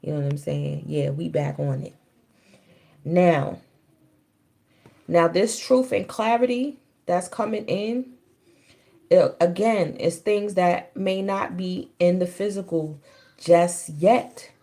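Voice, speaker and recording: A woman's voice: lowish voice, fairly even intonation, slow pace, vocal fry, long pauses, mellow. A woman giving a casual spiritual reading on a livestream, in a loose, chatty way. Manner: loose and chatty, breaks off to scold children.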